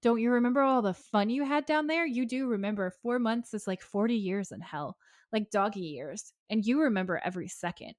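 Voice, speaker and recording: A woman's voice: a little high, a little fast, no room sound, clean studio sound, pitched above the performer's own voice, lightly acted. A woman voicing a creepy demon little girl who sweetly taunts her victim, as a quote in a podcast recap. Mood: sweetly taunting.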